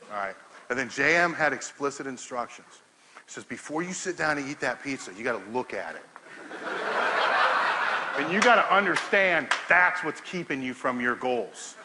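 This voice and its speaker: A middle-aged man giving a talk to an audience, telling a profane, laughing story in an animated way. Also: fairly high pitch, a little hiss or hum, low-quality recording. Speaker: powerlifting coach giving a talk.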